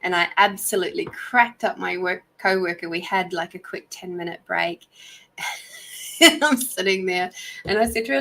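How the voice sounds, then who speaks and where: An Australian woman, an intuitive reader and podcast host, runs a live reading session and chats with viewers in a giggly, warm, storytelling way. Her medium-pitched voice is gravelly and moves at a moderate pace, captured in poor audio.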